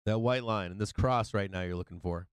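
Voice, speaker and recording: A man's voice: on the low side, brisk, clean tone, dry recording. A tired man hosting a stock market livestream, talking casually with lots of swearing and laughter as he comments on charts. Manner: profane, excitable, laughs often. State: tired from no sleep.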